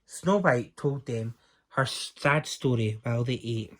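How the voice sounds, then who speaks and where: A man reading a children's story aloud as the storyteller, lively and doing the voices. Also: mid-range voice, slow pace.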